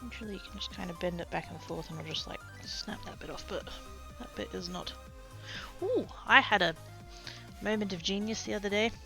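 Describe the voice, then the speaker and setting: A woman's voice: medium pitch, brisk, gravelly, pushed and bright, faint music behind. A woman chatting casually to her livestream chat while sorting craft supplies, self-mocking and rambling. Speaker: craft streamer.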